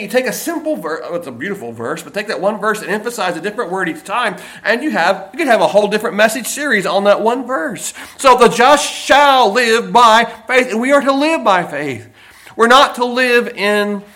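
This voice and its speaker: A man preaching a sermon, slowing down to stress key phrases and dropping in folksy personal stories. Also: high voice, very animated, fairly bright tone. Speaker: pastor.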